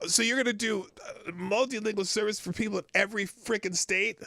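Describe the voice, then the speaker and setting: A man with a bright, gravelly voice hosts a live news stream, reading articles aloud and then cutting in with crude, irreverent rants. He leans into loud outbursts and blunt, profane asides. The sound is dry and close, with no room around it. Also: sits high, brisk, no room sound. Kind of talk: casual news commentary.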